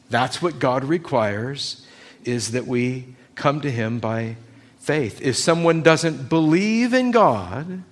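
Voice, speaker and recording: A man preaching a sermon, emphatic and arguing through rhetorical questions. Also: medium pitch.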